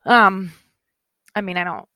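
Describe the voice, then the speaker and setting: A woman's voice: mid-range voice, fairly even intonation, a little slow, no room sound, muffled recording. A chatty woman in her thirties, talking casually on a podcast. She rambles and breaks off mid-thought, sounding tired. Her voice sits in a middle range and is recorded close and dry. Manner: chatty, rambling, self-interrupting. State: tired and yawning. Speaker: podcast co-host. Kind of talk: casual chat.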